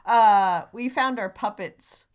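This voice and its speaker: A woman co-hosting a comedy podcast, teasing dryly and talking in halting restarts. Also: mid-range voice, clear, resonant tone. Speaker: podcast co-host. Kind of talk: casual comedy chat.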